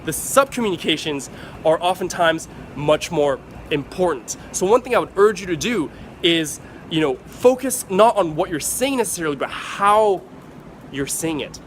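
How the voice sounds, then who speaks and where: A man vlogging to camera, giving casual advice in an animated way, swearing freely and acting out excited examples. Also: on the high side, moderate pace, a little hiss or hum.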